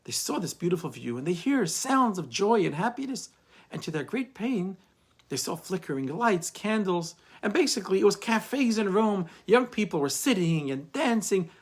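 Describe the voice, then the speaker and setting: Male rabbi teacher, husky voice, lively storytelling delivery. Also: sits high, moderate pace. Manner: animated storyteller, frequent "I mean". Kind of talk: storytelling Torah lesson.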